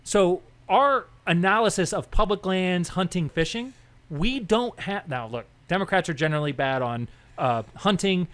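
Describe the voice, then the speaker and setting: A young man co-hosting a podcast, telling stories in a rambling, animated way and acting out the people he quotes. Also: high-pitched, normal speed. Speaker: podcast co-host. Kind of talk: casual political chat.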